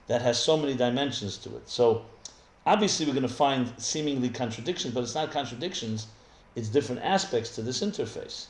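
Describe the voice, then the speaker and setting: Rabbi teaching a text class in an echoey room. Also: male voice, mid-range voice. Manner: thinks aloud with many restarts, explanatory. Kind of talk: live text study class. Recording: echoey room with faint ambience.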